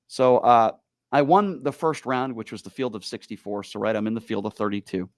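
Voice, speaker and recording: A man hosting a talk radio show, telling stories in an animated, exasperated way. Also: lowish voice, normal speed, no room sound, clean studio sound. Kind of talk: casual talk radio chat.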